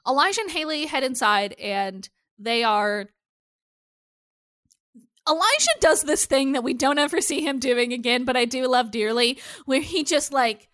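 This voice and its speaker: Woman podcast co-host, slightly high voice, casual and profane, dry recording. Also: animated, moderate pace, fairly bright tone, dry recording. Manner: chatty, swears freely, acts out quotes. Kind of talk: casual TV recap chat.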